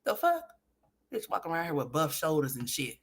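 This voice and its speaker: A woman's voice: low-pitched, huge pitch swings, brisk, a little hiss or hum. A woman hosting a gossip commentary livestream, profane and trash-talking, laughing often and talking straight to her viewers. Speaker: livestream host.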